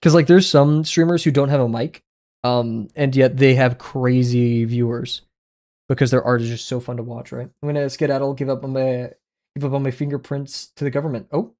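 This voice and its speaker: A young man streaming his drawing sessions, chatting casually with viewers in a rambling, excitable way and laughing often. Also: mid-range voice, a little fast. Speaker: art livestreamer.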